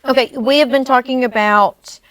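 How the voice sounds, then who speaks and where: A woman co-hosts a political podcast in a relaxed, chatty way, steering the conversation along. The recording is dry and close, with no room sound around her. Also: high-pitched, normal speed, no room sound. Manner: chatty, leading the segment. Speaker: podcast co-host. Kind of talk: casual political chat.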